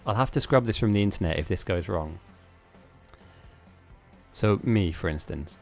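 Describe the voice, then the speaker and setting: A man's voice: low-pitched, expressive, normal speed, creaky, pauses often, soft background music. A man hosting a live-streamed game tournament, chatting casually in a rambling, self-mocking way with frequent laughs.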